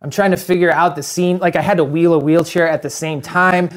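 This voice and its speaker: A man's voice: on the high side, fairly even intonation, a little fast. A man guest on a podcast, rambling and correcting himself as he tells a story from a past job on set. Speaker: guest, former stand-in. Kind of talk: casual podcast chat.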